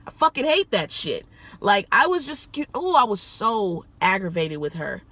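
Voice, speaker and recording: A woman rideshare driver telling a story in a casual vlog, animated and profane, jumping up high when she makes a point. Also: measured pace, no echo.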